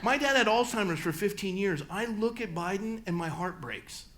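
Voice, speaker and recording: Middle-aged male pastor, higher-pitched, emphatic church delivery. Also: expressive. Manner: emphatic, rising to loud peaks, then dropping low and slow. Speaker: guest pastor speaker. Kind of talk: church talk and Q&A answer. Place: church hall.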